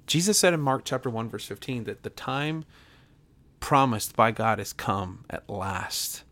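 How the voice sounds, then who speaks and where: A man's voice: medium pitch, lively intonation, moderate pace, a bit bright. A man, a pastor, preaching to his podcast audience in an earnest, emphatic way, often repeating himself and restarting phrases.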